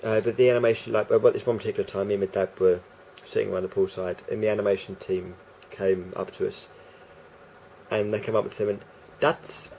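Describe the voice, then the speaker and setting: A man's voice: on the low side, little pitch movement, fast, gravelly, dark tone, a little hiss or hum. A man rambling through a casual vlog monologue, hesitant and full of restarts and fillers. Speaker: vlogger.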